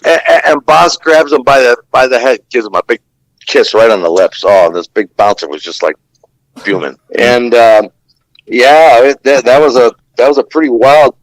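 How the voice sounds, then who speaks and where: A medium-pitched former ring announcer speaks at a moderate pace, casually recounting fight stories on a podcast in a rambling way, with frequent fillers and profanity. The recording is dry and low quality.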